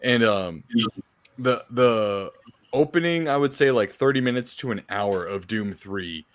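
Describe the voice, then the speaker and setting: A man's voice: medium pitch, measured pace. A man co-hosting a podcast, chatting casually about games with easy laughs and swearing. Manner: relaxed gamer talk with laughs and swearing. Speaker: podcast co-host. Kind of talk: casual chat.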